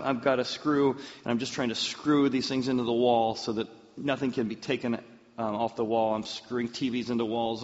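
Pastor guy telling a story, muffled sound, long hall echo. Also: medium pitch. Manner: animated, personal storytelling. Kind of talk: sermon storytelling.

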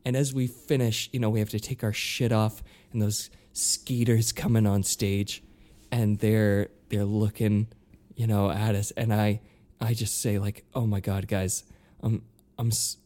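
Animated man telling a story. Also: on the low side, unhurried. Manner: animated, acts out quoted voices, stammers when flustered. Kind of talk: casual storytelling chat.

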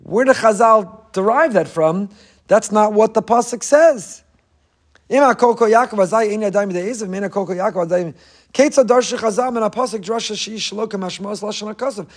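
Speaking briskly, a rabbi with a high voice delivers a passionate, emphatic sermon. He mixes Hebrew phrases into his English and hammers his points home through repetition.

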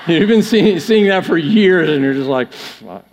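A man's voice: high-pitched, animated, measured pace, slight background noise. A male pastor giving a conversational sermon, joking with his congregation in a church with long hall reverb.

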